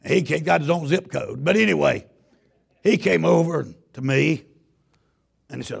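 A man preaching a sermon in a church. He is a loud, folksy Baptist pastor who tells stories with stammering restarts. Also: mid-range voice, animated, moderate pace, vocal fry, slightly rough. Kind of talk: sermon with storytelling.

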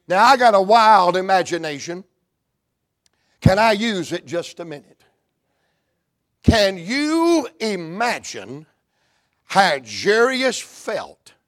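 A man with a Southern US accent preaching a fervent revival sermon in a church, moving from hushed talk to shouts. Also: high voice, no room sound, clean studio sound.

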